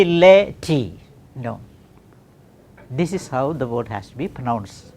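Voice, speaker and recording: A male teacher leads a classroom pronunciation lesson at an unhurried pace. His voice moves up and down in a lively way as he repeats words over and over for practice, checking in with "okay" between them. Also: a little high, slight background noise. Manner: slow and deliberate, repeats words for practice, often says "you know" and "okay". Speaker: English teacher.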